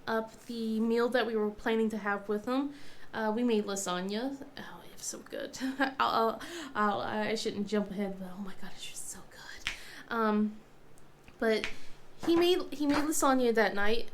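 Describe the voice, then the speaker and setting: A woman in her thirties with a slightly high voice tells casual stories. She is getting over a cold and laughs often. Now and then she puts on her children's voices. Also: a little hiss or hum. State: sick with a cold. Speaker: crafting vlogger. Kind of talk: casual chat.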